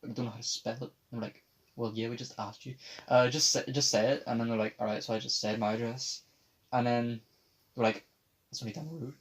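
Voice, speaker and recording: With little pitch movement in his mid-range voice, a young podcast host speaks a little fast while telling a rambling story. He swears heavily and imitates others when quoting them, against faint background noise.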